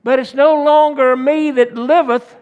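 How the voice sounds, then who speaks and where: A man's voice: extremely high pitch, steady tone, a little slow, a little mellow, highs cut off. A male pastor, preaching a folksy sermon full of homespun stories and calls for an amen.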